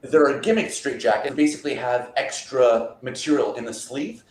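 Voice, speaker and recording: A man's voice: mid-range voice, animated, normal speed. Laid-back man rambling in a roomy space. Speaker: guest magician. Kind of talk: casual interview chat. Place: borrowed rental apartment. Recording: roomy echo.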